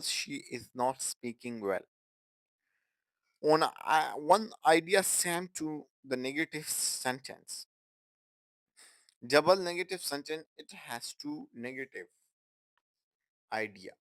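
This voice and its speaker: A man's voice: medium pitch, poor audio. A man teaching an English grammar lesson in non-native, broken English. He repeats his example sentences and keeps checking in with "Okay, guys?".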